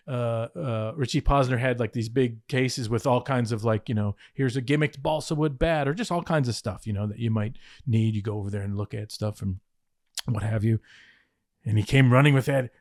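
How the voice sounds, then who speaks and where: A man telling backstage stories in a casual interview, animated, acting out other people's lines, swearing and laughing often. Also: medium pitch, normal speed, no room sound, clean studio sound. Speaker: former wrestling head writer telling stories.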